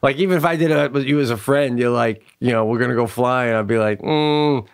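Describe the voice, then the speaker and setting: A man's voice: mid-range voice, steady tone, quick pace, clear, resonant tone. A man co-hosting a casual comedic chat, riffing playfully and laughing often, with plenty of swearing. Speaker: podcast co-host.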